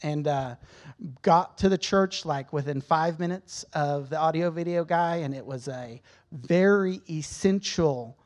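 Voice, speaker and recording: A man's voice: fairly high pitch, unhurried, darkish tone. A man giving a candid, conversational sermon-style testimony to a church, emotional at times and often restarting his sentences. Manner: conversational, candid, self-correcting. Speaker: church speaker.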